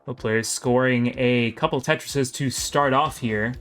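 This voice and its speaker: A man giving live play-by-play commentary on a video game match, calling each move quickly and chatting with viewers between plays. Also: medium pitch, fairly even intonation, a bit bright, soft background music.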